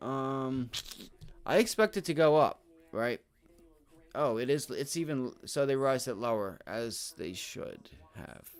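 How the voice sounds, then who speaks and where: A man hosting a live day-trading stream, talking casually to viewers while reading charts, muttering, cursing at his software and tossing in "right?" and "my friend" all the time. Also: mid-range voice, expressive, slow pace, smooth. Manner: repeats filler words like right and my friend. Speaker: livestream day trading host.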